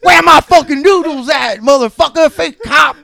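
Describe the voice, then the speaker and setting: A man's voice: very high voice, moderate pace, vocal fry, pitched above the performer's own voice, full character voice. A man voicing a furious male prison inmate who screams crude insults at the top of his voice. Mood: yelling, furious. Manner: shouting, raw and crude.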